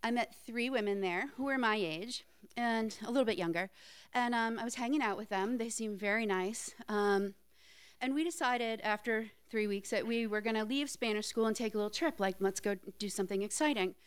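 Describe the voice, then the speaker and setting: A woman's voice: fairly high pitch, a little fast, clean tone, no echo. A woman in her thirties telling a personal story on stage in a plain, matter-of-fact way.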